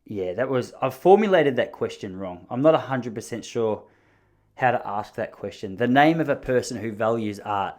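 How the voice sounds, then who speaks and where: A man's voice: medium pitch, expressive, moderate pace, darkish tone. An Australian man hosting a podcast, telling stories in a casual, rambling, self-deprecating way. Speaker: podcast host. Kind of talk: casual storytelling monologue.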